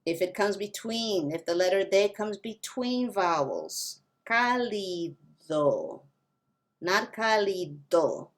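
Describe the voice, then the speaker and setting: A woman teaching Spanish pronunciation, slowly modeling words for learners to repeat. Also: medium pitch, very animated. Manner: slow, careful modeling of pronunciation. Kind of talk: language lesson.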